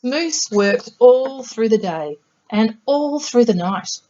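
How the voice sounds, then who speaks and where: A woman reading a children's picture book aloud in a gentle, measured storytelling voice. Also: fairly high pitch, expressive, dull audio. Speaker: storybook reader.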